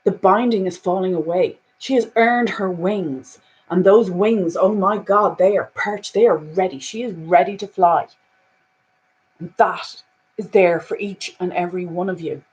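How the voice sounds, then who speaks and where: A woman giving a spiritual oracle card reading, earnest, full of "you know" fillers, moving between hushed passages and emphatic ones. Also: lowish voice, moderate pace, lo-fi sound.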